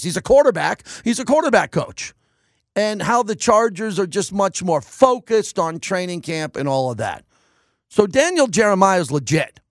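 Emphatic high-voiced sports radio host. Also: male voice, dry recording, studio quality. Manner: emphatic, repeats himself for punch. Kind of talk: opinionated radio monologue. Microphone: studio microphone.

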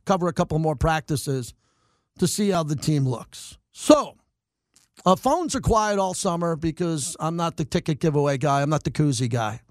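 A middle-aged man hosting sports talk radio, ranting in animated bursts and mocking his critics. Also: a little high, dry recording, studio quality. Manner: animated, rants and mocks in quick bursts. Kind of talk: fired-up sports talk monologue.

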